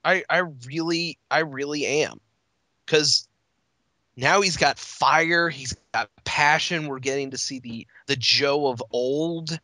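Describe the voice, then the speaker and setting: A man's voice: fairly high pitch, slow pace, pushed and bright, no room sound. A man co-hosting a wrestling podcast, rambling casually with swearing and laughter. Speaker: podcast co-host. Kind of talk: casual chat.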